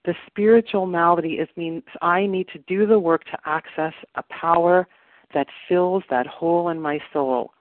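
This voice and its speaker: A woman's voice: lowish voice, fairly even intonation, no echo. A woman giving an earnest, reflective personal share at a recovery meeting, on a phone call. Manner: earnest, reflective, slow emphatic phrases. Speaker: meeting member sharing. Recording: tinny phone line.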